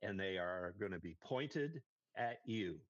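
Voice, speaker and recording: A man's voice: deep voice, expressive, a little slow, no echo, dull audio. A man hosting a commentary podcast, preachy and rallying, repeating his phrases. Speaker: podcast host. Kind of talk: conservative commentary chat.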